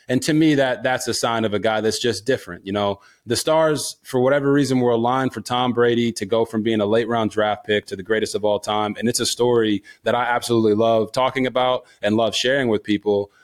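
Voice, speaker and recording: A man in his thirties, a former quarterback, hosting a casual interview, talking earnestly and repeating words as he builds his questions. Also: medium pitch. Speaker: podcast host, former quarterback.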